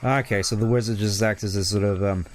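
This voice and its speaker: A man's voice: fairly low pitch, fairly even intonation, fast, faint music behind. A man streaming a video game, rambling and musing in casual commentary. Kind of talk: gameplay commentary.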